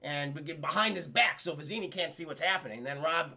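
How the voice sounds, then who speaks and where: A man's voice: a little high, a little fast, sharp tone. A young man retelling a film to his livestream chat in a rambling way, swearing and often calling out to chat. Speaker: film review streamer. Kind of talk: casual livestream film recap.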